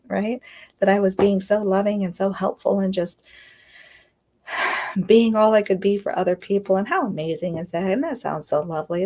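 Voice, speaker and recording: A woman's voice: lowish voice, a little mellow. A woman giving an earnest, confiding self-help talk on a live stream, often checking in with "right?". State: close to tears at times. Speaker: inner healing coach.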